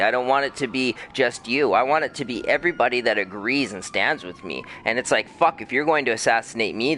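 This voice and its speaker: A man's voice: medium pitch, pushed and bright, slight background noise. A young man, a gaming streamer, giving a heated, profane and impassioned rant. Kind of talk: casual rant over gameplay.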